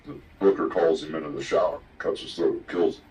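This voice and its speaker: A man's voice: a bass voice, fairly even intonation, fast talker, darkish tone, rough recording. An older man telling rambling, profane stories in a casual interview. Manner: profane, rambling yarn-spinner. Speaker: guest telling old stories. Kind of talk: casual storytelling.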